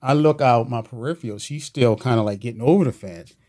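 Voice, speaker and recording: Man telling a police story, animated. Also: mid-range voice, fairly quick. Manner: animated retelling with slang and quoted voices. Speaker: police officer guest. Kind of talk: casual storytelling interview. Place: podcast studio.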